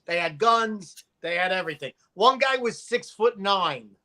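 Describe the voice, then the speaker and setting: Guy, guest storyteller; punchy, bright tone, loud when he quotes people. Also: sits high, a little slow. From Brooklyn, New York. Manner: animated, profane, acts out quotes loudly. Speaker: podcast guest. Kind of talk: casual storytelling.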